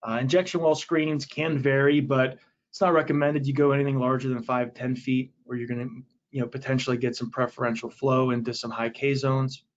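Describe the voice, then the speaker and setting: A man talks through a technical webinar in an easy, conversational manner. He explains step by step, often pausing on fillers and restarting his sentences, at a mid-range pitch. The audio sounds a little dull and lo-fi. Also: flat delivery. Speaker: webinar presenter.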